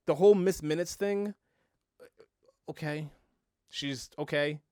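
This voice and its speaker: A man co-hosting a casual review podcast, talking haltingly with many fillers and trailing off. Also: on the high side, darkish tone, smooth, no room sound, clean studio sound. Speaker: podcast co-host.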